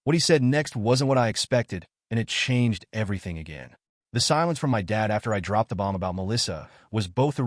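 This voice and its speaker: A man narrating a first-person story in a dramatic, expressive way. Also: on the low side, no room sound, clean studio sound.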